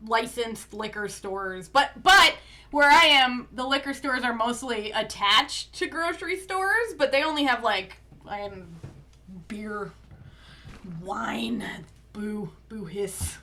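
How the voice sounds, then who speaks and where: A woman's voice: fairly high pitch, animated, a little slow, pushed and bright. A young woman from Canada with a slight lisp, co-hosting a live stream and chatting casually while reading the chat aloud. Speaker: streamer co-host. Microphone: streaming mic.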